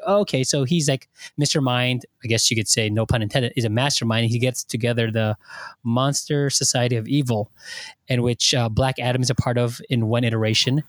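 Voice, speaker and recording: A man in casual conversation about a movie, retelling scenes in a rambling, animated way with many fillers and restarts. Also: mid-range voice, no echo. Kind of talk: casual chat.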